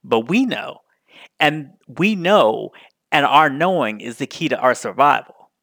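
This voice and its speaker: A man's voice: medium pitch, measured pace, vocal fry, dry recording, clean studio sound. A man hosting a podcast alone, talking casually and with feeling, swearing often and putting on mocking voices. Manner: animated, profane, mocking impressions. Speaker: podcast host. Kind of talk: casual solo commentary.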